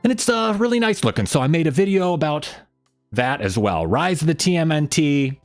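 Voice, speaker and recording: A man hosting a weekly fan livestream in casual chat, energetic and rambling, with a hoarse voice he says he is losing. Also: fairly high pitch, brisk, faint music behind.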